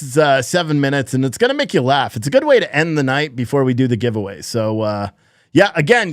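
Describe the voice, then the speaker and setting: A man's voice: mid-range voice, no echo, clean studio sound. A man hosting his own live stream, chatting casually and rambling through announcements with lots of fillers. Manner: rambling, loose, filler-heavy. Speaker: channel host.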